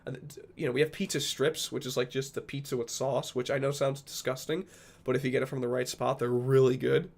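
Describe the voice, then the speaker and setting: A man's voice: medium pitch, flat delivery, a little fast, a little mellow. A man from Rhode Island chatting casually with viewers on a livestream, rambling and joking with a fair amount of profanity. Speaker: streamer.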